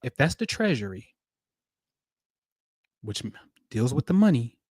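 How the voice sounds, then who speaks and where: A man hosting a spiritual livestream, talking in animated, preachy street slang. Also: mid-range voice, a little slow, slightly rough, no echo, studio quality. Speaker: livestream host.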